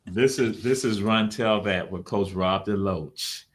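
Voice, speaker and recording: A man's voice: fairly low pitch, unhurried. A male host runs a casual live talk show. He is folksy and repeats his questions in a call-and-response rhythm.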